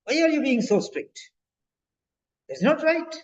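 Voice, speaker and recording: A man's voice: extremely high pitch, big pitch swings, unhurried, pitched above the performer's own voice, heavily acted. A man voicing an angry, hungry male patient who pleads indignantly to be allowed to eat. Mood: indignant pleading. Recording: dull lo-fi audio.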